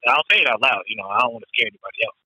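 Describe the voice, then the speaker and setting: Animated, bright-voiced man telling a story. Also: medium pitch, very fast, slightly rough, dry recording, poor audio. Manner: animated storytelling, acts out his own nervous voice, swears freely. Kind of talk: casual chat.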